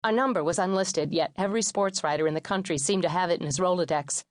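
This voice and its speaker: A woman reads a memoir audiobook in a steady, measured way, her voice sitting fairly low. The sound is dry and close, as from a studio microphone, with no room around it. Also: no echo. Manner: steady, measured reading with lightly acted quotes. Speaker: audiobook narrator.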